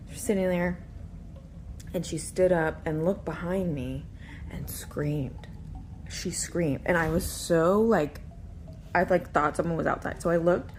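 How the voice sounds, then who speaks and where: A woman's voice: on the low side, unhurried, a little mellow, a little hiss or hum. A woman casually retelling a frightening babysitting experience in a tense, nervous way. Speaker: storyteller in a clip. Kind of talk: casual storytelling.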